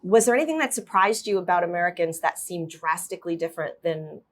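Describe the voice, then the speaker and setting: Woman host, casual interview, encouraging questions, lowish voice. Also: expressive, fast talker.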